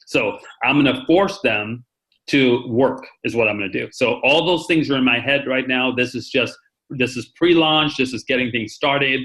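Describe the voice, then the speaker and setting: A man's voice: mid-range voice, moderate pace, bright, forceful tone, poor audio. A man hosting a conference call, chatty and rambling, with many fillers and restarts. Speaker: meeting host. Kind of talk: casual conference call talk.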